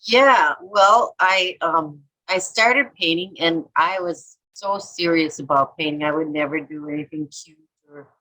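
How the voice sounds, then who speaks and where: A woman's voice: sits low, a little slow, sharp tone, low-quality recording. A middle-aged woman from Minnesota, an artist and author telling rambling stories in a casual interview and acting out quotes. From Minnesota, USA. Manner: rambling, chatty, acts out quotes and self-talk.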